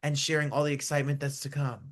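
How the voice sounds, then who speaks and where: A man's voice: medium pitch, flat delivery, quick pace. A male talk show host chatting casually with guests, effusive and upbeat. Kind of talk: casual interview chat.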